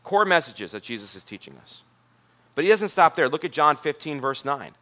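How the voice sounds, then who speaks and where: Man preaching, brisk and bright tone, slightly high voice, chatty sermon delivery. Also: sing-song. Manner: conversational, repeats words, drops to a soft voice for quoted lines. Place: church.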